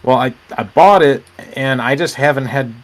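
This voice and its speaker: A man's voice: medium pitch, moderate pace. A young man from Illinois rambling through a casual gaming chat, hesitating with lots of fillers. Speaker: gamer host.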